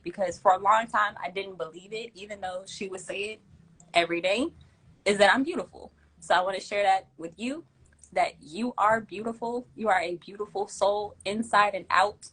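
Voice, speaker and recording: A young woman hosting a casual livestream, giving emphatic, slangy shout-outs and thanks to her viewers. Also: mid-range voice, husky, low-quality recording. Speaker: livestream host.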